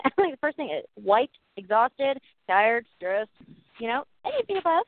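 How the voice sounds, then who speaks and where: A high-pitched woman co-hosts a casual faith talk, speaking earnestly and warmly encouraging her listeners. Her voice comes through a thin, phone-like channel with a dry, close sound. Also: big pitch swings, brisk, no room sound. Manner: earnest, encouraging, laughs often. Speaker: podcast co-host.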